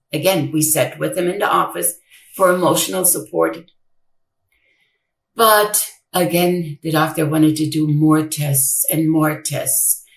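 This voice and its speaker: An older woman giving a personal account in an interview, speaking haltingly and repeating her words as she retells conversations. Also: low voice, gravelly. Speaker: interview guest, grieving mother. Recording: echoey room, distant mic.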